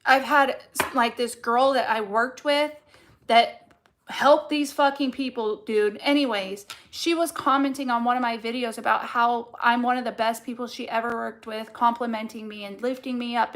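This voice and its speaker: A young woman with a fairly high voice reads tarot cards in a loose, casual way. She is blunt and fired up, and she swears constantly as she presses her point home. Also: steady tone, normal speed, a bit bright. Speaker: tarot card reader. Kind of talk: casual collective reading.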